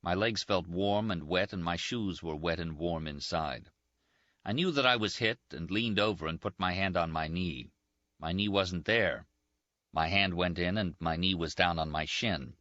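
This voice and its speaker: Man, audiobook narrator, low voice, measured and grave, dry muffled recording. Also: bright, forceful tone, no room sound. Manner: measured, grave first-person reading. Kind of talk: scripted narration.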